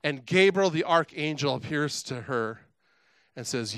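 Animated middle-aged preacher, bright voice. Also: male voice, fairly high pitch, measured pace, no room sound. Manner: animated storytelling with chatty asides. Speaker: pastor. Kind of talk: sermon.

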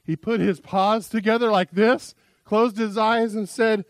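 A man's voice: high-pitched, fairly even intonation, unhurried, no room sound. Chatty male pastor, dry close sound. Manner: chatty, self-deprecating storyteller with many restarts. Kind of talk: sermon.

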